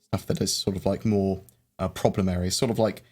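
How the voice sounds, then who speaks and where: A man's voice: deep voice, fairly even intonation, a little fast, a little mellow. A man hosting a casual live chat, rambling and hesitant, with lots of fillers and restarts. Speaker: livestream host. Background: faint background music.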